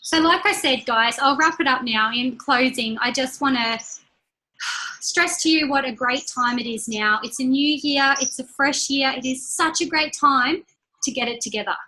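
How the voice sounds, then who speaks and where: Upbeat woman leading a team call; high, bright voice; chatty motivator who repeats key lines slowly. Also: rough recording. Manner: chatty and personal, laughs between points. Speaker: team leader giving a training call. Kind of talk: motivational talk on a group call.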